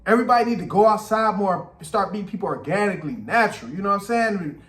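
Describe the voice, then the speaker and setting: A man with a high voice gives casual reaction commentary. He speaks bluntly and emphatically and repeats his points. The room around him is echoey. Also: animated, quick pace, a bit bright. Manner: blunt, repetitive, emphatic opinions. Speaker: commentary host reacting to a podcast clip.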